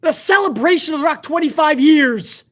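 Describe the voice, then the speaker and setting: A woman's voice: high voice, animated, normal speed. A woman hosting a live wrestling review stream, ranting bluntly and heatedly with plenty of profanity. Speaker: wrestling show host.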